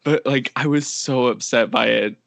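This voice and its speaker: A man's voice: mid-range voice, normal speed, creaky, a bit bright, no room sound. A young man co-hosting a podcast, telling rambling stories full of fillers. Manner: rambling storyteller, many fillers. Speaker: podcast co-host. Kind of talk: casual chat.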